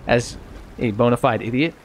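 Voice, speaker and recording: A man streaming a video game, thinking aloud in a casual, self-mocking way and getting easily excited. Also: medium pitch, moderate pace, soft background music. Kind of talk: casual let's-play commentary.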